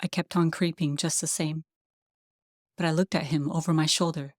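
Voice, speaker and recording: An audiobook reader giving a calm, gentle, unhurried narration of a classic story. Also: medium pitch, no echo, clean studio sound.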